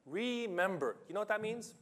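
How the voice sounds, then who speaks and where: A man preaching a sermon with passion, reading scripture loudly and restarting his sentences when he gets excited. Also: sits high, normal speed. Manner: impassioned, rising to loud emphatic reading of scripture. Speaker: pastor.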